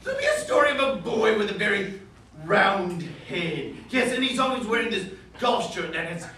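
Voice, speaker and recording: A man acting out an excitable Victorian author who pitches one odd story after another, his voice very high and swooping. He rambles, keeps repeating "yes, yes" and bursts into theatrical shouts, heard from a distance in an echoey theater with audience laughter. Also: normal speed, full character voice. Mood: eager. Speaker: sketch comedy actor. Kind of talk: live stage sketch comedy. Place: theater stage with live audience.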